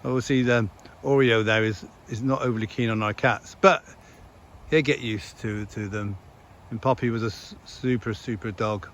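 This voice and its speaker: Man, farmer, casual chat, reminiscing, laughs often, outdoors in a field, dog nearby, mid-pitched voice. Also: steady tone, moderate pace, fairly bright tone, a little hiss or hum. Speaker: farmer vlogger.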